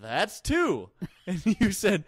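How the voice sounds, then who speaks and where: A man's voice: high voice, takes it slowly, slightly rough, no room sound. A man hosting a podcast in a small home studio, joking and interrupting in a casual chat. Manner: lively, joking, interrupts often. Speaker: podcast host.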